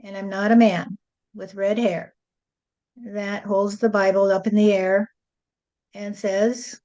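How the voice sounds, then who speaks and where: Slow, mellow woman in sing-song rhyme. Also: mid-range voice, little pitch movement, muffled recording. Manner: slow, rhyming, sing-song preaching delivery. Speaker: spirit medium channeling a spirit. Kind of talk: channeled spiritual address.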